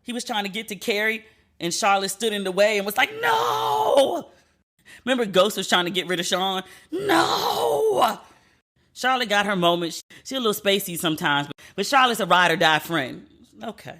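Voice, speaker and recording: A woman podcast host, her voice bright and forward. She chats casually and reacts animatedly, talking back with loud exclamations. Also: mid-range voice, quick pace. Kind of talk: casual chat with ad read.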